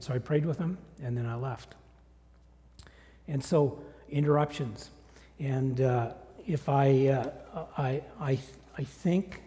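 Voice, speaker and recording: A man preaching a sermon, telling a personal story in a conversational, animated way. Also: mid-range voice. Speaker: guest preacher. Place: church sanctuary. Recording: long hall reverb.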